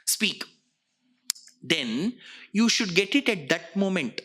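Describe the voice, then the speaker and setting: A man giving an expressive religious discourse, explaining scripture and breaking off to demonstrate sounds. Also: high voice, slow pace, breathy edge. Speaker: spiritual lecturer.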